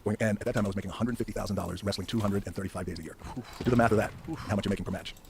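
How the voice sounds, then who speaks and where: A middle-aged man telling his story as a podcast guest, fast and emphatic, swearing freely and restarting phrases as he goes. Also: on the low side, fairly even intonation, vocal fry, noisy background. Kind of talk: animated storytelling in a podcast interview.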